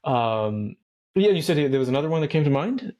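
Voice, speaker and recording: A man's voice: on the high side, big pitch swings, brisk, darkish tone. A man hosting an interview over a video call, thinking aloud and searching for his words as he responds. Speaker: podcast host. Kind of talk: casual interview.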